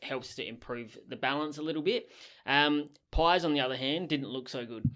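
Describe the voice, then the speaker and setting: A man's voice: medium pitch, normal speed, fairly bright tone. An Australian man co-hosting a sports podcast, easygoing and dry in his banter and footy analysis. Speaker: podcast co-host.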